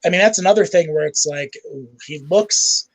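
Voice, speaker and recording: A man on a casual panel show, chatting in a loose, relaxed way. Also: high-pitched, moderate pace, no echo, rough recording.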